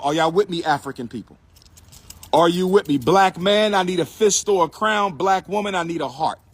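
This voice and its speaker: A man's voice: on the high side, slightly rough. A man hosting a live stream, lecturing his viewers in a preachy, repetitive way and calling on them to respond. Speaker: livestream host and lecturer.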